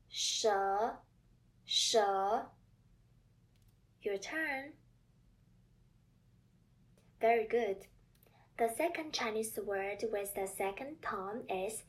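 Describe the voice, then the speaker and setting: A woman teaching a language lesson, speaking with slow, careful enunciation and leading repeat-after-me drills. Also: fairly high pitch, far from the mic.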